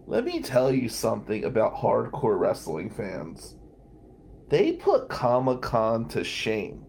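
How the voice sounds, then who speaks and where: A lawyer-turned-host tells a rambling story with plenty of laughs and the odd curse. His voice has a gravelly edge, and his pitch swings widely as he gets into it. A faint hiss of noise sits under the recording. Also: slow pace. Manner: animated, laughing, swearing storyteller. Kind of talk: storytelling monologue.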